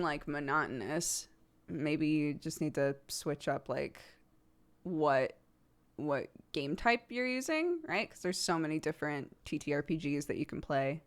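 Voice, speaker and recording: A woman streamer chatting casually with viewers, talkative and laughing often, with many fillers. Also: low-pitched. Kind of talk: casual livestream chat.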